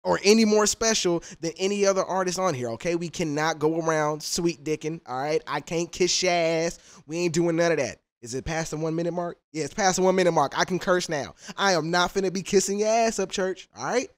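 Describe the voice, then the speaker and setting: A man's voice: fairly high pitch, fairly quick, few pauses. A man reacting to a rap track, talking in a casual, profane, trash-talking way. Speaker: music reaction YouTuber.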